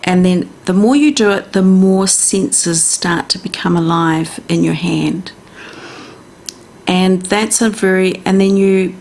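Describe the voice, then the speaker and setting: A middle-aged woman with a New Zealand accent, hosting a radio health and wellness talk and gently coaching listeners step by step in a chatty way. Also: fairly low pitch, slight background noise. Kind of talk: casual instructional radio talk.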